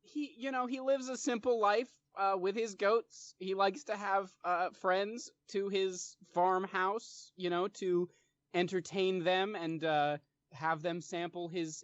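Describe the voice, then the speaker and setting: A high-voiced man describes his tabletop character in a casual, halting way, full of ums and uhs. The sound is dry and a little dull. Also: steady tone, no echo. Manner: halting, many fillers. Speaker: player. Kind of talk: tabletop role-play, casual.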